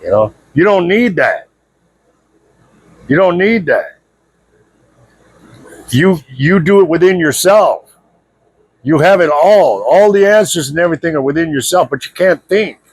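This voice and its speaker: A man's voice: on the high side, animated, measured pace, pauses often, breathy edge, no room sound. A man giving a blunt, confrontational spiritual monologue to his viewers, repeating himself and leaning on "you know". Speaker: spiritual video speaker. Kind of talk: preachy spiritual monologue to camera.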